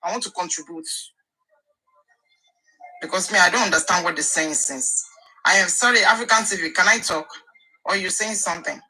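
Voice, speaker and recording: A woman's voice: lowish voice, animated, normal speed, pauses often, sharp tone, faint music behind, poor audio. A Nigerian woman, a caller in a heated live discussion, talking angrily, insisting and repeating herself, slipping into Yoruba.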